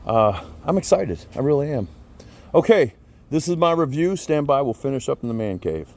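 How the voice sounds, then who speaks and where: A man's voice: mid-range voice, big pitch swings, normal speed, darkish tone. A man giving a chatty, folksy product review, often repeating himself. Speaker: product reviewer, channel host. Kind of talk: casual product review vlog. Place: outdoors by a vehicle, then indoor man cave.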